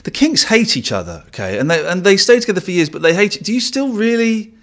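Jokey animated male radio host. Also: a little high, fast talker. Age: 40s. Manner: jokey, teasing, laughs often. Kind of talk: casual interview chat.

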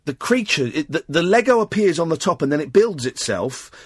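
A male radio host with a slightly husky, breathy voice that swings widely up and down in pitch as he jokes with a caller. He talks casually and teasingly into a close studio microphone. The sound is dry and close, with no room echo. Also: fairly quick. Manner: playful, teasing and animated, with frequent laughter. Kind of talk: casual chat on late-night phone-in radio.

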